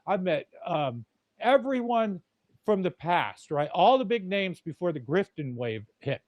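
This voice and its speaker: Male podcast host, cursing, blunt rambling rant, slightly high voice, dry close sound. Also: very animated, a little slow, no room sound, muffled recording. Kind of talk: casual rant.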